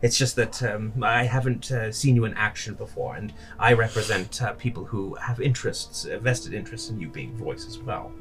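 A man voicing a sly, pushy old witch with a shrill voice in a tabletop game. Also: moderate pace, few pauses, fairly bright tone, soft background music. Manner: wheedling, falsely apologetic.

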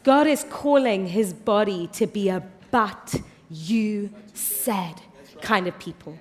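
A woman pastor preaching a passionate sermon in a large church hall, swinging from hushed tones to loud declarations. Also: medium pitch, slow. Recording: long hall reverb.

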